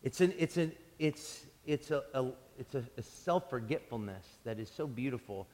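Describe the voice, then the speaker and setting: A man preaching a sermon as pastor, telling stories in an animated way and often restarting his sentences. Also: mid-range voice, moderate pace. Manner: animated storytelling with frequent restarts. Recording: long hall reverb.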